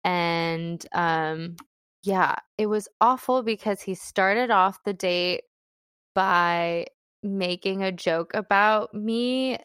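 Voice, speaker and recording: Young woman, casual storyteller, smooth clear voice, close dry mic. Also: mid-range voice, slow pace, fairly bright tone, dry recording. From Philippines. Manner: chatty storytelling, lots of fillers and laughs. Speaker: guest telling a dating story. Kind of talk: casual chat.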